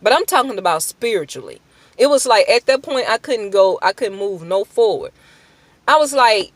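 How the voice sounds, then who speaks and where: A woman tells her personal faith testimony in a heartfelt, informal way. Her voice sits in a middle pitch and is recorded close with a dry sound. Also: expressive, moderate pace, dry recording. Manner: earnest, emotional, with prayerful asides. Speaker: testimony speaker.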